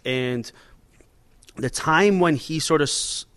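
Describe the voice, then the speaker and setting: A man's voice: a little high, takes it slowly, fairly bright tone. A man in his forties, a restaurant owner and chef, talking casually and animatedly in an interview, with many fillers and restarts.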